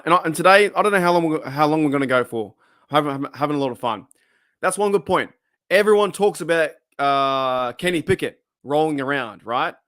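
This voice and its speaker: A man's voice: fairly high pitch, a bit bright, no room sound, clean studio sound. An Australian man hosting a casual livestream, chatting, laughing often and reading out viewer comments. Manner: chatty, laughs often, reads chat aloud. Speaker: livestream host.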